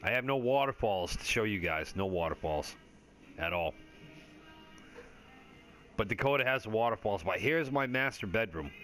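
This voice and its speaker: A man's voice: lowish voice, lively intonation, moderate pace, pauses often, bright, forceful tone, soft background music. A man giving casual, rambling commentary over his gameplay, joking and swearing freely with lots of fillers. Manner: laid-back stoner chatter with frequent fillers. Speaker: gaming video creator.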